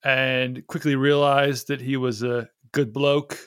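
A man's voice: mid-range voice, level tone, takes it slowly, fairly bright tone, clear, resonant tone, no room sound, clean studio sound. A man hosting a podcast, talking casually, swearing freely and poking fun at himself. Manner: chatty, swears freely, self-mocking. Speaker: podcast host. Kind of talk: casual chat.

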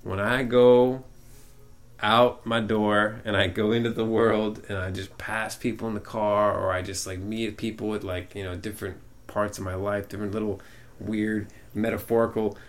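A man's voice: fairly low pitch, flat delivery, moderate pace. A man co-hosting a podcast, rambling and swearing in an upbeat, casual way. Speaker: podcast co-host.

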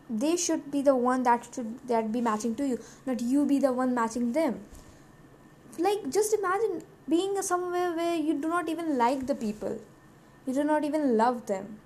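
Teenage girl, vlog monologue, rambling and self-mocking, slightly high voice, faint hiss behind. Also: a little mellow. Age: teens. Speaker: vlogger. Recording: faint background noise.

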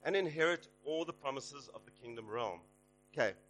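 A man preaching a sermon, exhorting his listeners and rising loud and high on the promises. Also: animated, moderate pace, slight background noise, low-quality recording.

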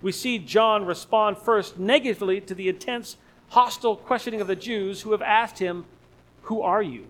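A man's voice: high-pitched, moderate pace, a bit bright, rough recording. A man preaching an expository sermon, emphatic and repeating key phrases for stress.

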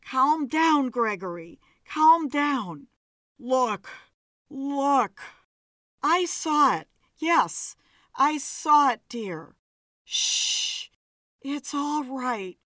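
Rich: A fussy, anxious middle-aged wife who coos and soothes in a raised, slightly shrill voice, put on by a woman reading a story aloud. The delivery is slow and unhurried, and the recording is dry and close. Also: big pitch swings, no room sound, exaggerated voice. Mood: soothing.

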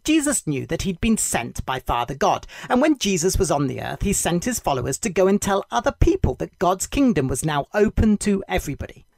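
A devotional podcast host narrating a children's story, gentle and clear. The pitch rises and falls with lively movement, and the voice sounds dry and close to the mic. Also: brisk, few pauses, no echo.

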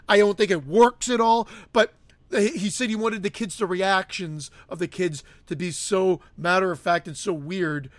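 A man with a high-pitched voice talks through a movie in a loose, rambling way, stopping and restarting his sentences. The sound is dry and close, with no room echo at all. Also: a bit bright. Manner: rambling, self-interrupting storyteller. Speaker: podcast co-host. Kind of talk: casual movie chat.

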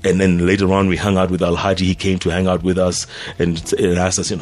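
A man's voice: sits low, expressive, quick pace, few pauses. A male radio host telling a casual anecdote and acting out the voices of the people he quotes.

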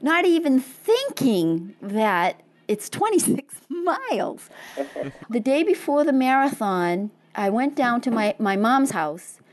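Lively woman. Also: a little high, slow. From Quincy, Massachusetts. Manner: acts out dialogue, laughs often. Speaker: interview guest, marathon runner. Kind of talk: animated storytelling.

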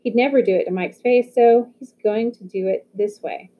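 A woman's voice: medium pitch, normal speed, close to an everyday voice. Earnest teenage boy read by a woman. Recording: phone-like narrow audio.

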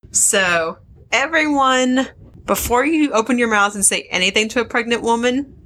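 Woman, podcast co-host, casual chat, frank, laughs a lot, bright tone, faint background noise. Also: on the high side. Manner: frank, chatty, laughs often.

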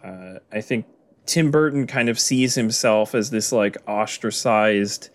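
A man's voice: lowish voice, a little slow. A man co-hosting a podcast, chatting casually about films, musing aloud and hedging with lots of "like" and "I feel like". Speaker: podcast co-host. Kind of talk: casual film discussion.

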